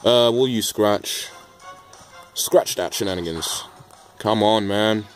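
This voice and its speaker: Man, casual gameplay commentary, joking, mild swearing, stumbles and restarts, low voice. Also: slow pace, faint music behind. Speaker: let's play gamer.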